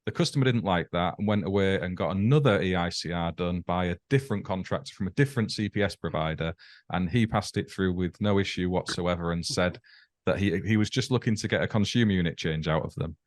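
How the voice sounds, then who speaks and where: A man with a very low voice lays out a question on a podcast in a measured way, step by step. The sound is dry and close to the mic. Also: no room sound. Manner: measured, explains things step by step. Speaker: podcast host. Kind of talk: casual podcast chat.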